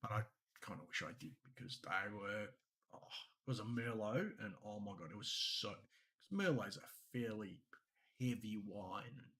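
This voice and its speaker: A man's voice: fairly low pitch, wildly swooping pitch, unhurried, sharp tone. Rambling Australian man, casual chat. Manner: rambling storyteller, laughs often. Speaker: podcast co-host.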